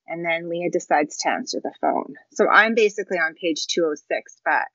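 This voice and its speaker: A woman's voice: fairly low pitch, moderate pace, fairly bright tone, no room sound. Chatty woman recapping a book. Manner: chatty, informal summarizing. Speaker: book discussion guest. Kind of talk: casual chat. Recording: dry, slightly muffled audio.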